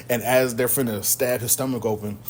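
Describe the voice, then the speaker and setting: A podcast host energetically recaps a film's plot in a casual, slang-filled way. His voice is expressive and of ordinary middle pitch at a measured pace, with faint ambient noise underneath.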